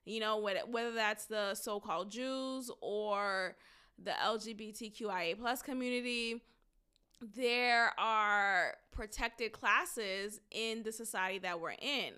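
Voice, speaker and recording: Slow, bright-voiced woman podcast host. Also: medium pitch, clear, resonant tone. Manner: emphatic, drawn-out, deliberate phrasing. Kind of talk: solo commentary podcast.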